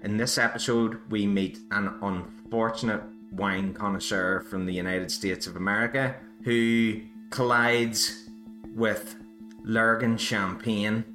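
With faint music behind him, a Northern Irish podcast host tells a wry, self-deprecating story alone at the mic. His voice is on the low side, bright and forceful, delivered slowly in a steady tone, and the recording echoes around the room.

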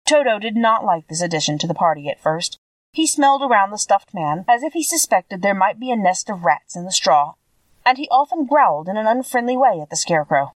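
A woman reads a children's story aloud in an expressive, measured way. Her voice rises and falls in a lively way. The sound is dry and a little distant from the mic. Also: mid-range voice, no room sound. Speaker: podcast reader. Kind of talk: storybook narration.

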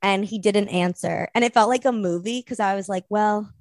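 A woman's voice: medium pitch, normal speed, no echo, studio quality. A young woman, a podcast guest, telling a rambling story in casual chat and acting out the quotes.

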